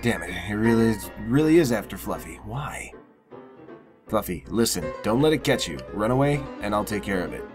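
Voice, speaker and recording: A man's voice: fairly low pitch, sing-song, normal speed, music in the background. A young man commentating casually on a horror game, swearing often and getting exasperated. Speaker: gamer. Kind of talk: let's play commentary.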